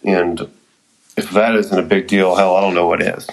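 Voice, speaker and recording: A man casually recapping and commenting on an anime episode, swearing now and then and trailing off with fillers and excited asides. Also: low voice, moderate pace, gravelly, poor audio.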